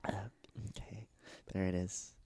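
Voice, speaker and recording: A man's voice: measured pace, mellow, dry recording, in a whisper, natural voice. A man playing a nervous, inexperienced young man who stammers in an improvised comedy bit. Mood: flustered. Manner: flustered, stammering, awkward.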